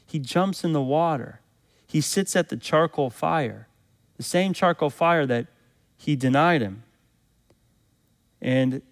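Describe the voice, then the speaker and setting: A man preaching a sermon, his voice climbing higher and louder as he reads scripture and sinking low and quiet as he reflects. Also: long reverb tail, poor audio.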